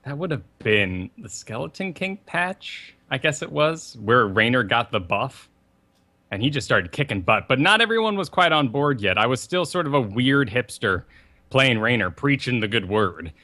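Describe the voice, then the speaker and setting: A young man with a bright, forward voice co-hosts a gaming podcast. His pitch swings widely as he tells rambling stories with a lot of energy. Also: normal speed. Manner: animated, rambling storyteller. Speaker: podcast co-host. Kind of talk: casual podcast chat.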